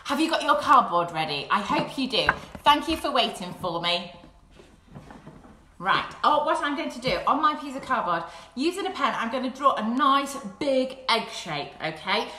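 A woman leading a live craft session for young children at home, talking gently and encouragingly. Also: a little high, very animated, normal speed. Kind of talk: live-streamed play-along craft session. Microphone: phone camera. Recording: echoey room at home.

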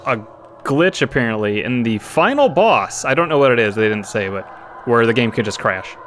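A man's voice: medium pitch, lively intonation, moderate pace, a bit bright, slight background noise. A man streaming a game, chatting casually, laughing often and reading on-screen text aloud. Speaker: let's play streamer. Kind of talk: casual gameplay commentary.

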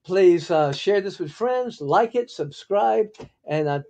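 An older man hosting a podcast, telling a story in an animated way and acting out other people's lines. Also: slow. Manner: animated, acts out quotes with big pitch jumps. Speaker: podcast host. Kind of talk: storytelling monologue.

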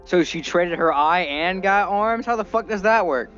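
A man's voice: sits high, moderate pace, a bit bright, highs cut off, soft background music. A man playing in a tabletop game, reacting with incredulous, swearing banter. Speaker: player. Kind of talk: tabletop role-play chat.

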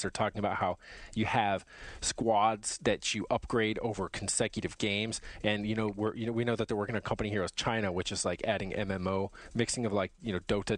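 Fast-talking man in casual gamer chat. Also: lowish voice, dry recording. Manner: enthusiastic, rambling gamer talk. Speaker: podcast co-host.

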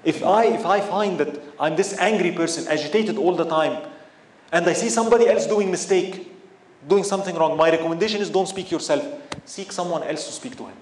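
A man giving a religious lecture in an animated way, often asking his listeners rhetorical questions. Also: high-pitched, fairly quick. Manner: animated, asks the audience frequent rhetorical questions. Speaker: Islamic teacher. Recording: echoey room with faint ambience.

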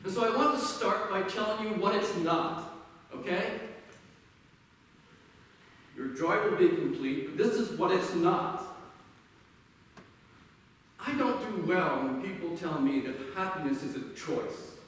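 Guy preaching a sermon, kinda high voice, big echoey church, mic pretty far off. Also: expressive, measured pace, pauses often, fairly bright tone. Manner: conversational storytelling, self-deprecating humor. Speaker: pastor. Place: church sanctuary.

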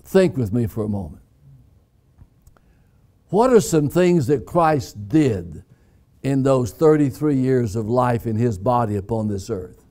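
A man preaching a sermon as pastor, deliberate and emphatic, repeating key phrases. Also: medium pitch, dark tone. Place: church sanctuary.

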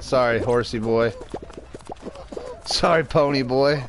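A young man streams a game with loose, joking commentary, rambling along and getting riled up at other players. His voice sits a little low, and a steady hiss of background noise runs under the recording. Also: normal speed. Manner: joking, rambling, flares up at teammates. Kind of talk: casual gameplay commentary.

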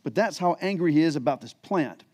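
A man's voice: on the high side, animated, a little fast, warm tone. A middle-aged male pastor preaching a sermon, retelling scripture in everyday words. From United States. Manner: storytelling, paraphrasing scripture in plain modern words.

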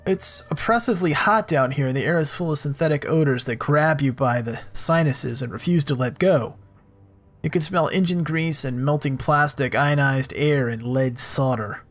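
A man's voice: fairly high pitch, moderate pace, faint music behind. Man casually narrating a video game. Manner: relaxed, thinks aloud with fillers. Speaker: let's play host. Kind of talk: casual game commentary and reading game text aloud.

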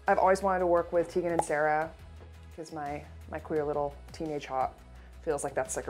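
A woman, hosting a casual baking tutorial, chatty and playful with jokey asides. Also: lowish voice. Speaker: host of a baking show.

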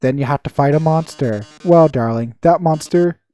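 A gamer voicing a flamboyant male robot TV star, reading the game's lines in a drawn-out, melodramatic way. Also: medium pitch, dark tone, close to an everyday voice. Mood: gloating. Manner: melodramatic, drawn-out theatrical delivery. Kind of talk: reading game dialogue aloud in voices.

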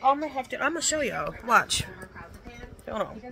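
A woman's voice: high voice, big pitch swings, normal speed, creaky, pushed and bright. A woman chatting bluntly in a casual home vlog from her kitchen, swearing freely and talking with her lips barely open. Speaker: vlogger.

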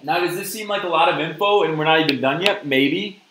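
A man's voice: fairly high pitch, brisk, fairly bright tone, roomy sound, slight background noise, low-quality recording. A man teaching a live-streamed test prep lesson, upbeat and often checking in with "okay?" and "right?". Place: virtual classroom stream.

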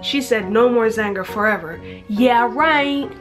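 A woman's voice: fairly high pitch, measured pace, faint music behind. A young woman reading her teenage diary aloud, breaking off for chatty, self-mocking asides and frequent giggles. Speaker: vlogger.

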